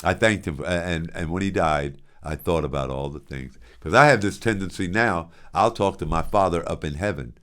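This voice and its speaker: An older man in his sixties, with a fairly low voice, spins a long personal yarn in an easy, conversational way. He jumps between quiet asides and loud bursts, often restarting his sentences as he goes. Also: normal speed, few pauses. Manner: animated, big swings in loudness, frequent restarts. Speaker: show host. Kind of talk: casual storytelling.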